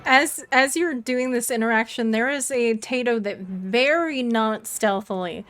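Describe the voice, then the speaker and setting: A woman's voice: fairly high pitch, measured pace, a bit bright. A woman co-running a tabletop game, chatty and playful. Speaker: co-game master.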